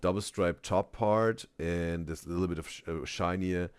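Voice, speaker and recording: A man doing casual live reaction commentary, halting with many restarts, often tagging "right?" and "bro" and laughing loudly. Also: low-pitched, clean tone, dry recording. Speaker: reaction streamer.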